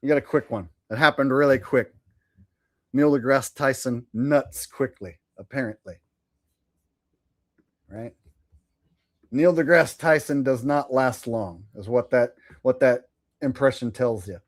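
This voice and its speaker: A man's voice: mid-range voice, a little slow, pauses often. A man hosting a live stream, who chats loosely in a joking, profane way. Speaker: streamer host. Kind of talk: casual live-stream commentary.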